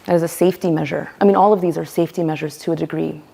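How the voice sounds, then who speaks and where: A woman teaching a voice workshop, lively and playful, acting out the voices she quotes. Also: deep voice, very fast, gravelly. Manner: animated, acts out quoted voices. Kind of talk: workshop lecture.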